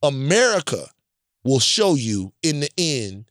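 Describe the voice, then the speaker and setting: A man's voice: mid-range voice, sing-song, measured pace, a bit bright, dry recording, studio quality. A man from Louisiana telling stories in a casual chat, blunt and emphatic, often checking in with "right?". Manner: profane and blunt.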